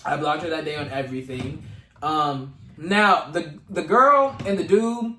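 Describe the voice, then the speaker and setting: A man's voice: on the high side, measured pace, sharp tone, slight background noise. A young man vlogging a casual storytime to camera, retelling events dramatically with slang and asides to his viewers. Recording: echoey room.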